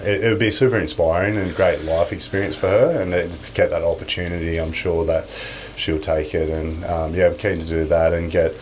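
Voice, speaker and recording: A man's voice: deep voice, fairly even intonation, fairly quick, hardly any pauses, a little hiss or hum. A man in his thirties, a business owner, chatting casually as a podcast guest and rambling with many filler words.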